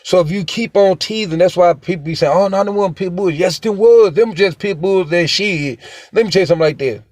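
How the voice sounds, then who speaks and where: A young man talks in a slightly higher register, rambling and repeating himself for emphasis. His casual monologue sounds close and dry, with little room sound. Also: brisk, darkish tone, no echo. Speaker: dog owner sharing opinions.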